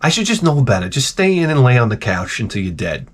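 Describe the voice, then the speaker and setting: A man's voice: medium pitch, big pitch swings, fast. A man telling comic stories to camera in a rambling, exasperated, profane rant full of restarts. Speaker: vlogger. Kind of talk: comedic storytelling rant.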